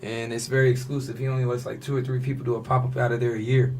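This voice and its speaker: A man's voice: medium pitch, rapid-fire, a little hiss or hum. A man, a fashion designer on a podcast, telling a personal story in casual slang and often acting out what others said. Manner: animated storyteller, slips into quoted voices, casual slang.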